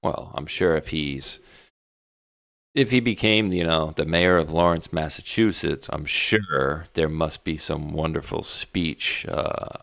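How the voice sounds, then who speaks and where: Deep-voiced gravelly man, chatting casually. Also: measured pace, fairly bright tone, dry recording, studio quality. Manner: laid-back, rambling, mocking. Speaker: co-host. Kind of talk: casual chat.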